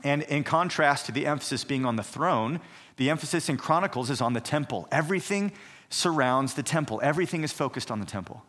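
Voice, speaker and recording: A man's voice: medium pitch, expressive, fairly quick, fairly bright tone. A man teaching a recorded Bible survey lesson, explaining earnestly and asking rhetorical questions.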